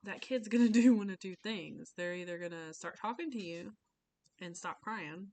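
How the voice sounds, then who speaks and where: A woman's voice: medium pitch, moderate pace, darkish tone. Chatty young woman acting out dialogues. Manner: chatty, acts out little dialogues in voices. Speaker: student giving a class speech. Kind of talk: informal informative speech.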